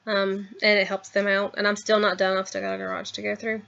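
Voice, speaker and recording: A woman's voice: mid-range voice, completely flat delivery, brisk, gravelly, a bit bright, lo-fi sound. A woman in her thirties chatting casually to her camera at home, rambling with lots of ums and trailing asides. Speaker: vlogger. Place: at home, in a house.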